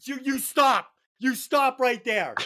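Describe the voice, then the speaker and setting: A woman's voice: high-pitched, slow pace, a little hiss or hum. A woman co-hosting a comedy movie podcast, swearing freely as she rants about films. She talks emphatically, working herself up as she retells scenes. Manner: profane, animated, emphatic storytelling. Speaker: podcast co-host. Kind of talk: casual movie-review chat.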